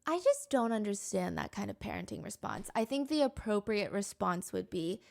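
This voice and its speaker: A woman's voice: medium pitch, sing-song, normal speed, creaky, hardly any pauses. A woman narrating a true-crime podcast in an earnest, openly judgmental way as she describes video clips. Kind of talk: scripted narration.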